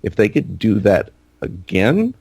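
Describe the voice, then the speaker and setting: A man with a deep, gravelly voice co-hosts a casual gaming podcast. He rambles with plenty of fillers and restarts. His close mic sounds dry and dead. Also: wildly swooping pitch, a little slow, darkish tone, no room sound. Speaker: podcast co-host.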